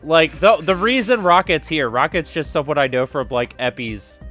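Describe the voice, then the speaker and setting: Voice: mid-range voice, moderate pace, fairly bright tone, faint music behind. A streamer hosting a casual interview on a voice call, rambling through stories and laughing. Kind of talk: casual online chat.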